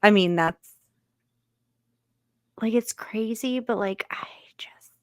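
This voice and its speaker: A young woman chatting casually on a reaction channel, skeptical and quick to laugh, with lots of filler words. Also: medium pitch, no room sound, studio quality.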